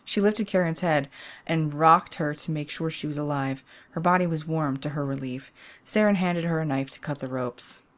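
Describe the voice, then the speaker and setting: A woman's voice: deep voice, normal speed. A woman hosting a let's play, narrating game text aloud in a chatty, giggly way. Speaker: host.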